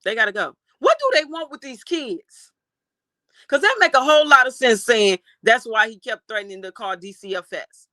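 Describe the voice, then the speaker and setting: A livestream host reacting to a case and reading out chat comments, animated and outraged, swearing freely. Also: mid-range voice, normal speed, no echo.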